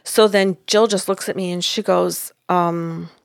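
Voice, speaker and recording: A woman's voice: lowish voice, a little slow, vocal fry, no room sound, clean studio sound. A woman who works as a psychic medium, recounting a session in casual chat and acting out the others' words. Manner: animated, acts out quotes of others.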